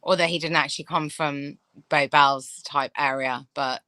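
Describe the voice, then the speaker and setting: A woman with a bright, forward voice tells stories in a casual panel chat. She wanders off into asides and then picks up the thread again. She sounds close and dry. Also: sits low, fairly even intonation, normal speed, no room sound, low-quality recording. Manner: chatty, anecdotal storytelling with asides. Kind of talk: casual group discussion.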